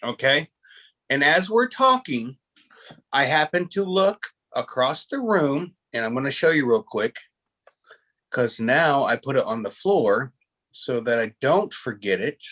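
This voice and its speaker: A very animated man with a mid-range, slightly bright voice hosts a casual video chat at an unhurried pace. His stories ramble, he keeps starting over, and he likes to make fun of himself.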